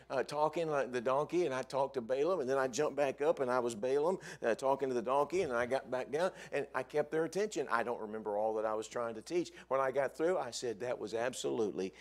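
Preaching from a church sanctuary, a man working as an evangelist recounts a story in a spirited, animated way, his pitch climbing high for emphasis.

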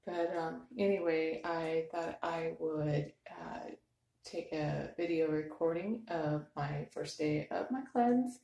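A woman vlogs at home on her phone early in the morning, drawling slowly and hesitantly with lots of ums. Her voice is low and mellow with a gravelly fry, and the room gives it a noticeable echo. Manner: chatty, slow and hesitant with many ums. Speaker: vlogger. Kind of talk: casual vlog.

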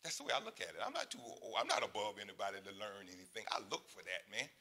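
A pastor in his sixties preaching a sermon in a conversational way, dropping to quiet asides and rising to loud, high exclamations. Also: huge pitch swings, racing. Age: 60s.

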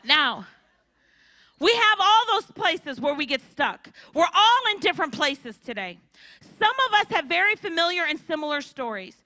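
Lady preaching, high bright voice, acts out all the voices in her stories. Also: moderate pace, no echo. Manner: animated storytelling with acted-out voices. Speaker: conference speaker. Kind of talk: sermon.

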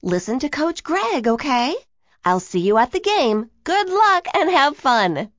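A woman voicing a kind, caring mother in a children's storybook, speaking gently. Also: high-pitched, big pitch swings, measured pace, no echo, studio quality, voice pushed up, exaggerated voice. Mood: affectionate.

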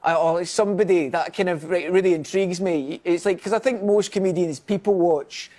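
A young Scottish comedian as a chat show guest, telling quick, self-deprecating stories and laughing often. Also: male voice, sits high, warm tone. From Scotland. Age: young adult.

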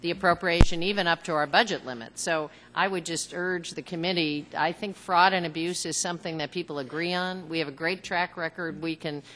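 A woman serving as a cabinet secretary, giving formal testimony at a hearing in a measured, earnest way with frequent fillers. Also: on the low side, fairly bright tone, long reverb tail, slight background noise. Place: large hearing room.

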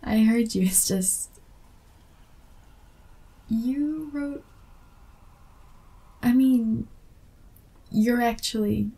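A woman's voice: fairly high pitch, very slow, long pauses, mellow, husky, heavily acted. A woman voicing an awkward young female fan who meets her favorite author, in a whispered role-play with self-deprecating, apologetic chatter. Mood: shy chatty.

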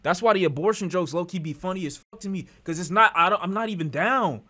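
A man streaming and reacting to a clip in animated, profane casual chat, often breaking into laughter. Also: high voice, quick pace, soft background music.

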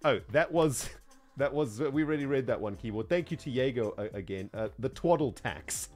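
A South African man streaming gameplay, chatting casually in an animated, slangy way and laughing often. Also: mid-range voice, moderate pace, faint music behind. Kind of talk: casual gameplay livestream chat.

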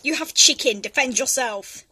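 A woman's voice: high voice, normal speed, sharp tone, slightly rough. A young woman hosting a casual gameplay chat, laughing often as she plays. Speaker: host.

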